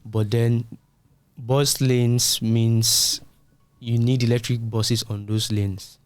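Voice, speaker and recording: A man's voice: medium pitch, little pitch movement, slow pace, clear, resonant tone, no echo. A man co-hosting a tech podcast, explaining points in a casual, conversational way with everyday comparisons. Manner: explanatory, uses everyday analogies. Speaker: podcast co-host.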